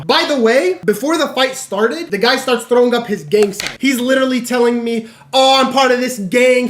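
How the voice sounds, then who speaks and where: A young man streaming live, telling a story in a casual, animated way, full of "literally" and "right?". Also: very high-pitched. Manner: animated, conversational, lots of fillers like "literally" and "right?".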